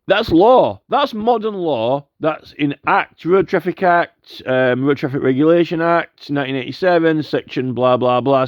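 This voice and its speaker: A man's voice: medium pitch, dry recording. A man in a rambling, argumentative monologue, repeating "right?" again and again. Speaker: commentator. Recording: dull lo-fi audio.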